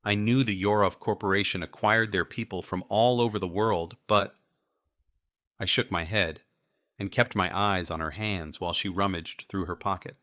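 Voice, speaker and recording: A man narrating a first-person audiobook in a steady, wry manner. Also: deep voice, moderate pace, no echo, studio quality.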